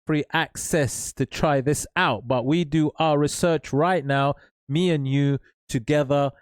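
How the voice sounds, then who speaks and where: A man's voice: on the high side, steady tone, measured pace, clear, resonant tone, dry recording. Hyped guy walking viewers through a tutorial, dry close sound, keeps saying guys and right. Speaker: online seller tutorial host. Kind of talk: energetic screen-share tutorial.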